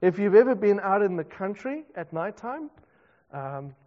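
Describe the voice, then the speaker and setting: A man's voice: high voice, very animated, normal speed. A South African man, a pastor, preaching a conversational sermon with self-deprecating asides. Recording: dull reverberant hall recording.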